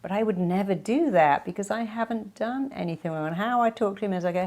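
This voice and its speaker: A woman therapist talks through a viewer's question in a direct, coaching manner. Her voice sits at an ordinary middle pitch, and her tone is reassuring and steady. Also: fast talker, hardly any pauses. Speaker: therapist giving advice. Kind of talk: advice talk answering a viewer question.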